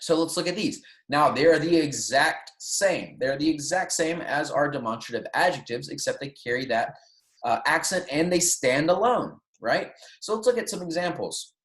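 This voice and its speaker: A man's voice: a little high, lively intonation, normal speed, fairly bright tone. Patient male teacher in a roomy space. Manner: patient, explanatory, frequent "right?" and "okay?" check-ins. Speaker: Spanish teacher. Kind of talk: classroom lecture. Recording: roomy echo.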